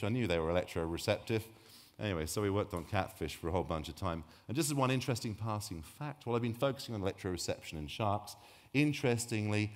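Deep-voiced rambling man in a hall. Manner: rambling, jokey, self-interrupting. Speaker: shark researcher giving a public talk. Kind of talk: informal public science talk. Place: lecture hall. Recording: long hall reverb.

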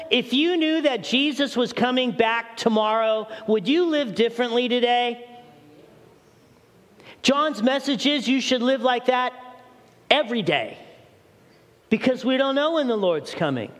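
A man's voice: very high-pitched, lively intonation, measured pace, a bit bright. A middle-aged man preaching a sermon as pastor, urgent and questioning the congregation directly. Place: church hall. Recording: long church hall reverb.

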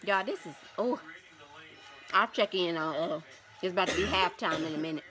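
A young woman vlogging casually while watching a game with a friend, reacting loudly and laughing often. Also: on the low side, moderate pace, soft background music.

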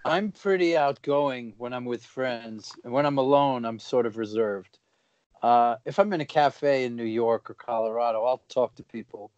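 A middle-aged man hosting a casual interview, reflective and relaxed, asking long rambling questions. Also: normal speed, dry recording. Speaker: podcast host. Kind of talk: casual chat. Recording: dull, dry low-fidelity sound.

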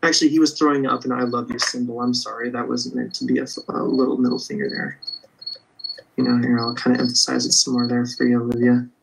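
A man's voice: mid-range voice, little pitch movement, quick pace, creaky, slight background noise, low-quality recording. A man drawing live and chatting with viewers in an upbeat, casual way, thinking aloud as he sketches. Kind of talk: casual livestream chat while drawing.

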